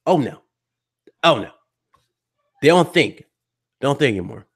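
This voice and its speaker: A man's voice: mid-range voice, lively intonation, a little slow, fairly bright tone, breathy edge. A male gaming podcast host ranting to his live chat in a heated, blunt and mocking way. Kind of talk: live stream rant to chat.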